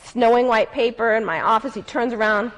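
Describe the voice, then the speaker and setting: A woman's voice: on the high side, steady tone, a little fast, fairly bright tone, rough recording. A woman who is a civil rights lawyer and advocate, telling a story from her work in an earnest, reflective speech.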